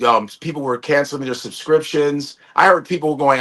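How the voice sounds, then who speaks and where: A male stand-up comedian on a video-call panel, his voice pitched a little high. He tells stories with animated energy and drops into quick impressions mid-story. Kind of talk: casual panel chat.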